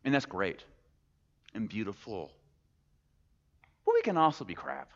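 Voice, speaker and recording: A male pastor with a fairly low voice talks a little slowly through a relaxed sermon, firing questions at the congregation and mixing in folksy humor. His voice resonates through a big, echoing church hall, though the recording is muffled and a bit dull.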